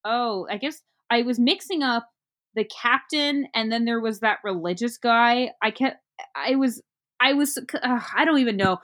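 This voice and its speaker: A woman in casual chat, recapping a movie plot in a rambling, halting way with many fillers. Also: fairly high pitch, fairly bright tone.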